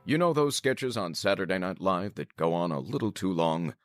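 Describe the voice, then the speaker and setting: A man's voice: low voice, sing-song, normal speed, loud music behind the voice. A man reading a wry, scripted comic intro for a podcast. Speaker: show announcer.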